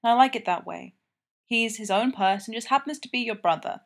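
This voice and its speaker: A woman's voice: a little high, a little fast, lightly acted. A woman voicing an earnest, impassioned young man in an audiobook, talking in urgent, emphatic declarations. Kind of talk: audiobook character reading.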